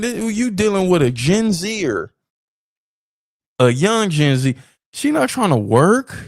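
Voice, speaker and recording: A man hosting a podcast, giving opinionated commentary in an animated way, repeating phrases for emphasis and laughing between points. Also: fairly high pitch, dry recording, studio quality. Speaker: podcast host.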